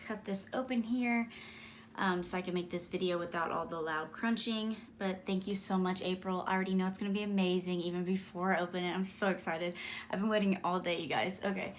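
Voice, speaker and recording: A woman's voice: medium pitch, a little hiss or hum. A woman vlogger chatting through a craft mail unboxing, gushing and squealing with delight. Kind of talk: excited unboxing vlog.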